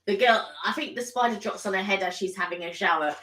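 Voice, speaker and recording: Brief: animated female co-host, bright tone, slightly distant, echoey room. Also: mid-range voice, quick pace. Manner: lively, animated storyteller. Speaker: vlog co-host. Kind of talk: casual live-stream chat.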